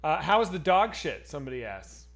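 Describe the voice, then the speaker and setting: Excitable high-voiced man telling a story. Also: a little fast. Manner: animated, swears a lot, excitable. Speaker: podcast co-host. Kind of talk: casual chat, storytelling.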